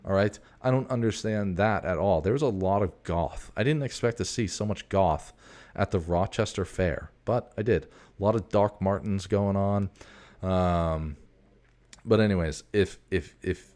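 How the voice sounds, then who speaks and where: Host, male, 40s, very low voice, loose profane rambling monologue, digressive. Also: unhurried, a little mellow.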